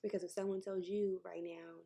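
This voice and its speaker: A woman's voice: lowish voice, little pitch movement, a little fast, creaky, mellow, breathy edge. A woman, talking candidly and emotionally to camera in a personal vlog, sometimes dropping to a near-whisper and laughing between thoughts. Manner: laughs between thoughts, jokes about her news. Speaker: vlogger.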